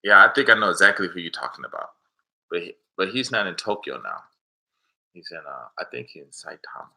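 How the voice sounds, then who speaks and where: A middle-aged man, a father and teacher, telling rambling, animated stories in casual chat and laughing at his own anecdotes. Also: low-pitched, brisk, vocal fry, low-quality recording. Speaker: father, teacher living in Japan.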